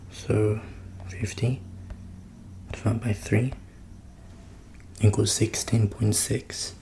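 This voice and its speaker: Man, ASMR whispering and soft talk, close mic, very monotone, faint background hiss. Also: vocal fry. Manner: switches between whispering and soft low talk, wry joking asides. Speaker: ASMR creator. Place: his room at home.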